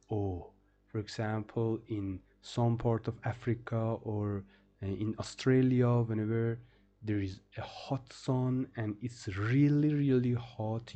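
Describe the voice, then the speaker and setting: A man's voice: on the low side, slow, dark tone. A man teaching a beginner vocabulary lesson, repeating each phrase and then translating it patiently. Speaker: French teacher.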